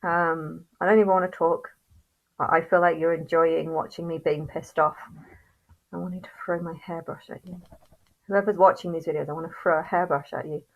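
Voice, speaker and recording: Lower-voiced woman ranting angrily. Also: little pitch movement, gravelly, narrow, tinny audio. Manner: angry, swearing, halting with restarts. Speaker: vlogger. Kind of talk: ranting monologue to camera.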